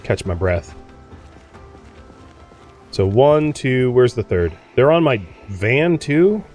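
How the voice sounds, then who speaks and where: Lively chatty man commenting on gameplay. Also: medium pitch, slow, soft background music. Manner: chatty, exclaims and grumbles at the game. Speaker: let's play host.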